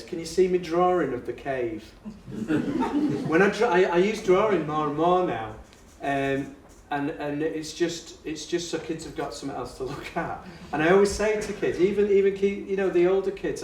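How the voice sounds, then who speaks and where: A man's voice: fairly high pitch, slight background noise. A middle-aged man telling classroom stories to an audience, laughing often and acting out his pupils. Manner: animated storyteller, laughs often, acts out voices of pupils. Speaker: education speaker and guest. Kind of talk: lively anecdotal talk to an audience. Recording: roomy and distant with faint ambience.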